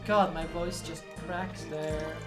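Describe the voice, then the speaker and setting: A woman's voice: sits low, flat delivery, takes it slowly. A woman giving wry, casual commentary between voiced lines, swearing and laughing at herself. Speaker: fan voice actor and streamer. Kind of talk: casual commentary while playing. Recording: echoey room with music behind.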